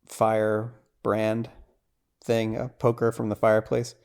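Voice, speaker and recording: Smooth-voiced man recapping a film. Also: fairly low pitch, completely flat delivery, takes it slowly, a little mellow. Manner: chatty, lots of "like" and "right?". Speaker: podcast host. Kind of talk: casual scene-by-scene film recap.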